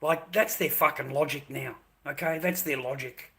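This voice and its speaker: A man's voice: a little high, moderate pace, a bit bright. An Australian man ranting crudely to his livestream chat, peppering his talk with mate and swearing.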